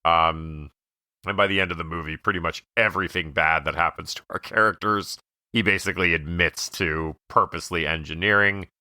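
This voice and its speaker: A man co-hosting a podcast, musing about a movie in a measured way with lots of fillers. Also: sits low, steady tone, sharp tone, dry recording, studio quality. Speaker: podcast co-host. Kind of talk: casual movie review chat.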